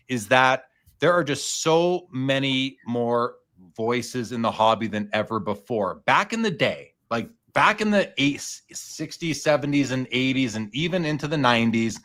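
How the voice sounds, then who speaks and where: A man's voice: mid-range voice, a bit bright. A man hosting a casual podcast chat, talking loosely and restarting his sentences often. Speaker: podcast host.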